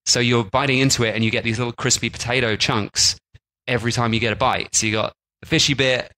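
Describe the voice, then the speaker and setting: A man's voice: medium pitch, steady tone, fast, bright, forceful tone, low-quality recording. A man co-hosting a travel podcast, chatting casually with plenty of "like" and restarts. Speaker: podcast co-host. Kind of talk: casual chat.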